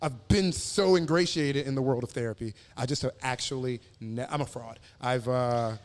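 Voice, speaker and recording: A man's voice: medium pitch, moderate pace. A man from Houston, a comedian guest in a casual podcast chat, telling stories with bursts of laughter and acted-out voices. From Houston, Texas. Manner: animated storyteller, bursts into laughter, acts out voices.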